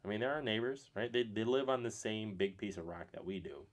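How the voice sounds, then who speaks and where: A man's voice: lowish voice, brisk. A man co-hosting a casual podcast, speculating loosely and swearing freely. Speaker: podcast co-host.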